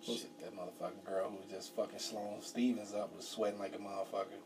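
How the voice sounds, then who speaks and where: A man's voice: lowish voice, flat delivery, fast talker, noisy background. A young man with an average voice banters on a podcast. He laughs often and swears freely while trading jokes. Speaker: podcast co-host. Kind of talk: casual chat.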